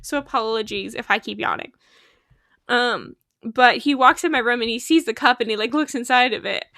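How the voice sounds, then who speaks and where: A woman's voice: on the high side, moderate pace, vocal fry, pushed and bright, no echo, clean studio sound. A young woman chatting casually while livestreaming a game, rambling with lots of fillers and laughs, sleepy and yawning. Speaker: streamer.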